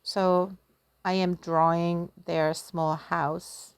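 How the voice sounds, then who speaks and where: A woman's voice: a little high, animated, slow pace, no echo. A woman, a teacher retelling a folktale in a casual, giggly, self-deprecating way while she draws. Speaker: language teacher. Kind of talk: casual storytelling lesson.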